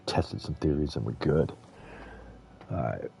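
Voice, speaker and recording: Deep gravelly-voiced male game streamer. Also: expressive, measured pace, warm tone. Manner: chatty and rambling, with frequent chuckles. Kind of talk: casual gameplay commentary.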